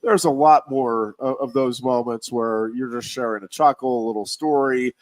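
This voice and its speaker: A man in his thirties hosts a casual sports radio chat, drifting through a story with lots of false starts and second tries. His voice sits at an ordinary middle pitch. The sound is dry and close. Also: fairly even intonation, moderate pace, no echo. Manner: rambling, reflective storyteller with many restarts. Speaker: radio show host and high school sports announcer.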